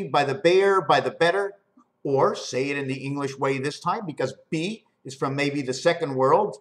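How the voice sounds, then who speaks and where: A man in a rambling monologue, riffing on words and spelling out letters in an animated, sing-song way. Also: a little high. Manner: free-associating wordplay, spelling out letters.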